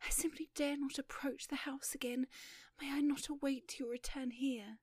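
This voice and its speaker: A frightened young lady speaks in a breathy, pleading whisper, her voice lifted a little higher than the reader's own, as a woman puts her on. The recording is close and dry, with no room sound behind it. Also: normal speed, darkish tone, no echo, natural voice.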